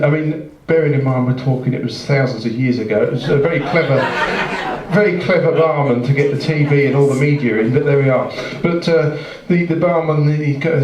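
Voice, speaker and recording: A man telling a long, rambling joke on a jazz club stage, halting and self-mocking as he goes. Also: mid-range voice, darkish tone. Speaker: musician telling a joke between sets. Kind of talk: rambling live shaggy-dog joke. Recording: distant, roomy, dull live club recording.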